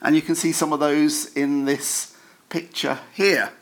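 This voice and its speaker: Guy giving a sermon at church, bit higher voice, chatty, lots of uhs and restarts, jokes about himself. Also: level tone, a little slow. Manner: conversational, self-deprecating asides with frequent fillers and restarts. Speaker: preacher. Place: church service.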